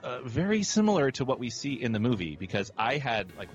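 An eager man in a relaxed movie chat, his pitch jumping around as he restarts sentences. The audio is a little dull and muted. Soft music plays faintly behind him. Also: fairly quick. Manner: enthusiastic, animated with many restarts. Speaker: podcast panelist. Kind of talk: casual movie discussion.

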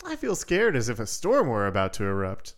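A man voicing a frightened mother in a fairy tale, who speaks in a shrill and fearful way. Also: huge pitch swings, fairly quick. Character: frightened woman, a mother full of dread.

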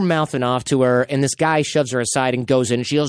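A podcast host in his thirties talks in a relaxed, chatty way and slips into voices when he quotes people. His voice sits in a middle range and is recorded close and dry, with no room sound. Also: mid-range voice, a little fast, few pauses, clean tone, no echo. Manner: animated storyteller, acts out quotes. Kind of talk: casual podcast chat.

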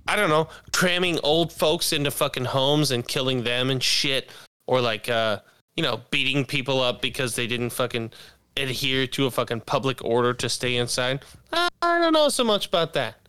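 A man with a bright, crisp voice rants on a casual podcast. He swears freely, stammers through restarts, and leans into sarcasm. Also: mid-range voice, expressive, moderate pace. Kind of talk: casual crude podcast banter.

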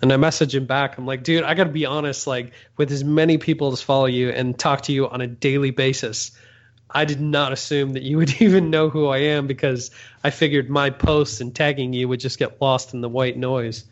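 A man's voice: medium pitch, flat delivery, fairly quick. A man co-hosting a casual chat, recalling a story in an easygoing, self-deprecating way. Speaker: podcast co-host. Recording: muffled lo-fi recording.

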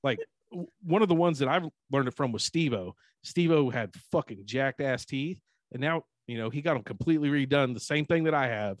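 A man's voice: mid-range voice, lively intonation, a little fast, dry recording. A man co-hosting a podcast, chatting casually in a laid-back, profane way. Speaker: podcast co-host.

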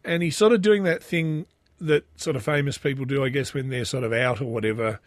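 A man's voice: medium pitch, fairly quick, dry recording, studio quality. A middle-aged Australian man telling a rambling, self-deprecating family anecdote in a casual, chatty way. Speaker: storyteller.

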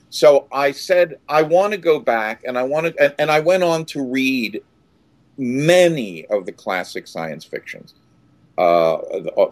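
An older man telling a story as an interview guest, full of halting restarts and loud acted outbursts. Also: lowish voice, dry recording.

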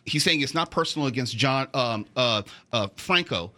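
A man's voice: medium pitch, lively intonation, moderate pace, sharp tone. A man co-hosting on talk radio, arguing and pressing his point in studio discussion. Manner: argumentative, makes a point and presses it. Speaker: radio show co-host.

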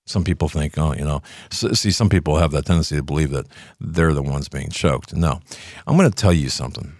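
An older man hosting a commentary show, fiery and opinionated, dropping to a mutter and then rising to shouts. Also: extremely low pitch, fairly quick, no echo, clean studio sound. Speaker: talk show host.

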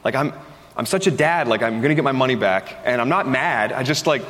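A man's voice: medium pitch, lively intonation, a little fast, a bit bright. A man, a pastor, preaching a sermon and opening with a chatty personal story in which he acts out the voices he quotes. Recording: long hall reverb.

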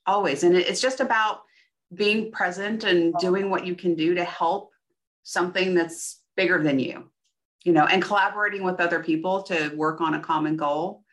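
A woman's voice: lowish voice, steady tone, moderate pace, a bit bright. A woman co-hosting a casual chat podcast, upbeat and chatty. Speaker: podcast co-host.

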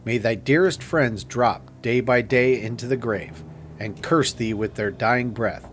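A man's voice: medium pitch, a little slow, a little hiss or hum, close to an everyday voice. A man playing a fiendish stranger who speaks in theatrical, menacing old-fashioned declamation. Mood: menacing curse. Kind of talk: audiobook character reading.

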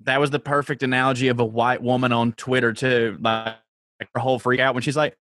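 A man co-hosting a podcast, reacting to a TV episode with quick asides and frequent laughter. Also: medium pitch, steady tone, a bit bright, no room sound, studio quality. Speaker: podcast co-host. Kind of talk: casual chat recapping a TV episode.

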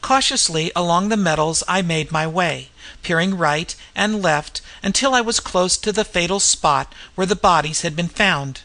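A narrator reading a first-person ghost story in a measured, tense way. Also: mid-range voice, bright, forceful tone. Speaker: audiobook narrator.

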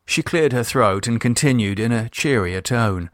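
A man narrating a novel expressively, with a voice that rises and falls a great deal. The sound is close and dry, with no room to it. His pitch sits in a middle range for a man. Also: normal speed, dry recording. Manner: expressive storytelling. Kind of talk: scripted audiobook narration.

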